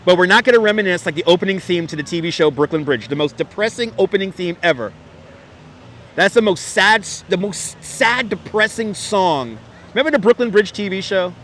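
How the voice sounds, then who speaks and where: A man with a New York accent talks casually on a street live stream, reading viewer comments and repeating his phrases. His voice sits high and sounds bright and forward. Faint city noise hums behind him. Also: expressive, brisk. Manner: chatty, reminiscing, laughs often, repeats phrases. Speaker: livestream host. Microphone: wireless clip-on mic.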